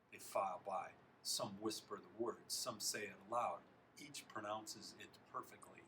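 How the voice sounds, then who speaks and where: A man reading a children's novel aloud, expressive, stopping now and then to comment on the text and correct himself. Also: fairly low pitch, moderate pace, slight background noise, low-quality recording. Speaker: reader.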